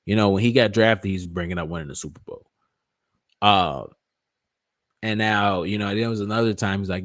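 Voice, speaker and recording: A man hosting a fan channel, giving casual, excitable reaction commentary full of slang and repetition. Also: sits low, fairly quick, no echo, studio quality. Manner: excitable, repeats himself, slangy.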